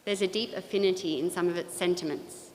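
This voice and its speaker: A woman with a fairly low voice gives a measured, reflective lecture on poetry. She speaks with care and now and then restarts a word. Her voice carries a long reverb from the large church space around her. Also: steady tone, a little mellow, a little hiss or hum. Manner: measured, thoughtful, with occasional restarts. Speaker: speaker giving a talk on poetry.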